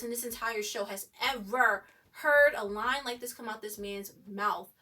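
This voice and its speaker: A woman recapping a TV episode in animated, gushing casual commentary. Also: fairly high pitch, measured pace, hardly any pauses, recorded from a distance. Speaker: TV recap vlogger.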